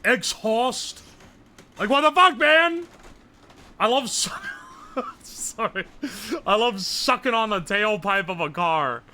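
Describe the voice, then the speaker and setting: Bright, lively young streamer guy. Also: high voice, slow pace, pauses often. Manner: loud, joking, swears often, laughs a lot. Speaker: livestreamer. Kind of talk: casual live-stream banter.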